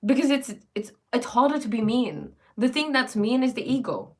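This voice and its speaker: A woman's voice: a little high, very animated, moderate pace. A woman hosting a casual livestream, musing reflectively and answering viewers' comments, often breaking off mid-sentence. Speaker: livestream host.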